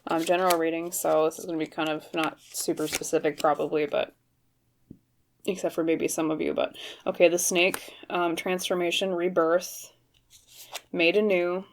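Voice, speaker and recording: Low-voiced woman giving a tarot reading. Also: level tone, normal speed, slight background noise. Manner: hesitant and careful, many fillers and restarts. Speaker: tarot reader. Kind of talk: pick-a-card tarot reading to camera.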